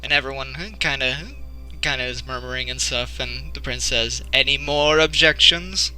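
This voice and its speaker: Bright-voiced man running a tabletop game. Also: mid-range voice, little pitch movement, moderate pace, faint music behind, rough recording. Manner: loose, hedging with fillers, laughs often. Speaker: game master. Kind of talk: narrating a tabletop game, casual.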